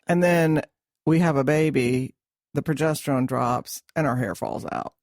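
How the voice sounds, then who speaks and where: A middle-aged woman co-hosting a casual podcast, explaining hormone changes in a measured way with some fillers. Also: low voice, darkish tone, no echo, studio quality. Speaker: podcast co-host, hormone expert. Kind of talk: casual chat.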